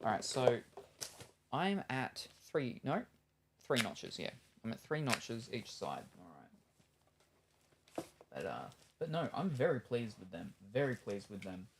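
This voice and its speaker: A man's voice: medium pitch, big pitch swings, unhurried, pauses often, background noise. Aussie guy rambling thru an unboxing, loads of ums, just chatting away. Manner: rambling, lots of ums and trailing asides. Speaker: streamer. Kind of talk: casual unboxing chat.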